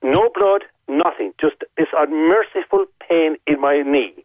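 A man's voice: on the high side, unhurried, dry recording. A man with an Irish accent calling in to a radio show and telling a long story in vivid detail, repeating his points for emphasis. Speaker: caller. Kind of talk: phone-in storytelling. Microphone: telephone. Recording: tinny phone line.

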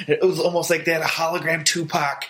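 A man's voice: on the high side, flat delivery, fast, bright, forceful tone. A man in casual chat, giving wry, laid-back commentary with some swearing.

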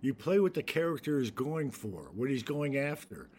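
This older actor, guesting in an interview, speaks at a medium pitch and normal speed over a little hiss or hum. His anecdotes are lively, filled with laughter, restarts, and acted-out voices of people he quotes.

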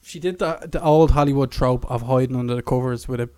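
Speaking fast at medium pitch, this podcast co-host, a young Irish man, has a clear, resonant, darkish tone with no room sound at all. He spins a long tale in easygoing chat, cursing, laughing, and voicing the characters' quotes at a raised volume.

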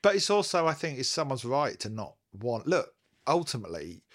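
Man, podcast co-host, casual chat, teasing, lively pitch. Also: fairly quick. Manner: joking, teasing, laughs often.

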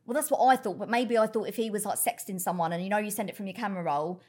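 A woman's voice: mid-range voice, fairly even intonation, racing, a little mellow. A woman chatting casually on a podcast, telling blunt, laughing stories. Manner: chatty, swearing, laughing storyteller. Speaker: podcast guest. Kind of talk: casual chat.

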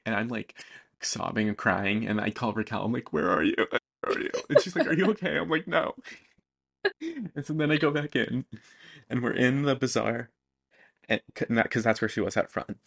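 A young man co-hosting a podcast, telling stories in an animated, chatty way and acting out what people said. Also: mid-range voice, moderate pace, vocal fry, long pauses, breathy edge. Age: young adult. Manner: animated storytelling with quoted voices. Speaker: podcast co-host. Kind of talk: casual chat.

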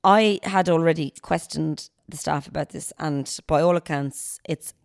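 Irish woman, lowish voice, dry close mic, lively anecdote with quoted voices. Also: a little slow, gravelly, no echo. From Ireland. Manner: animated retelling with quoted voices. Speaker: podcaster guest. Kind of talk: casual storytelling chat.

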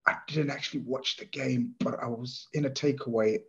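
A man chatting as a podcast guest, telling stories in an animated, rambling way. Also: medium pitch, moderate pace, vocal fry, highs cut off. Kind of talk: casual football chat.

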